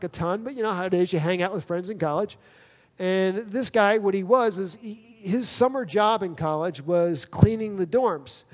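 High-voiced pastor in a reverberant hall. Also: male voice. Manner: storytelling with quoted dialogue, conversational. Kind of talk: sermon. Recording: long reverb of a large hall.

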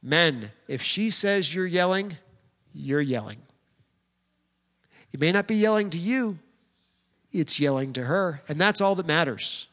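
A man's voice: a little high, lively intonation, unhurried, long pauses, a bit bright. A pastor preaching a sermon in a direct, plain-spoken way, speaking straight to the men in his congregation. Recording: long hall reverb.

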